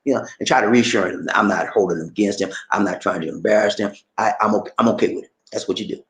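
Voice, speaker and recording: A man living abroad talking casually to his viewers, animated, acting out shop conversations and repeating phrases for emphasis. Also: lowish voice, fast, echoey room. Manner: animated, acts out shop dialogues. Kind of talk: casual live-stream talk to viewers. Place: indoors, in the Philippines.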